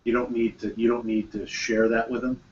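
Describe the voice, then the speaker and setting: A man's voice: medium pitch, level tone, brisk, a little mellow. A man hosting a mastermind group discussion, talking casually and often acting out quoted exchanges with repeated phrases. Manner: conversational, repeats phrases, acts out quoted dialogue. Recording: distant, dull, faint room noise.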